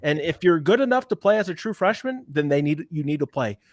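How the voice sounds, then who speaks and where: A man's voice: on the high side, lively intonation, brisk, no room sound. Opinionated male sports podcast co-host. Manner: opinionated, emphatic. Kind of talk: casual sports chat.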